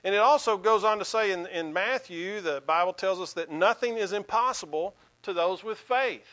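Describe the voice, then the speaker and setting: A man's voice: high-pitched, normal speed, fairly bright tone, muffled recording. A male pastor giving a sermon in an earnest, conversational way, with a folksy sense of humor.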